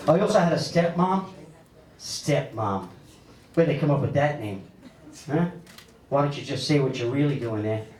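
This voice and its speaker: A man, doing a stand-up comedy set on a club stage with animated storytelling and big pitch swings for punchlines. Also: brisk. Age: 50s. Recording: echoey club audio, mic a bit distant, loud crowd laughter.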